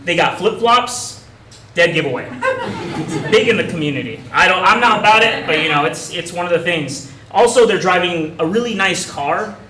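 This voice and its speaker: A man's voice: high voice, animated, normal speed, pushed and bright, recorded from a distance. A young man performing a stand-up comedy set on a club stage, talking in a casual, rambling, self-mocking way. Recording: echoey club room from afar, audience noise. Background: audience laughter.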